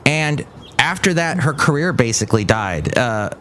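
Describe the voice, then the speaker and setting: A middle-aged man hosts a podcast, chatting casually in a rambling way packed with fillers. His mid-range voice is expressive and a bit bright, moving at a moderate pace, with a little hiss or hum in the audio.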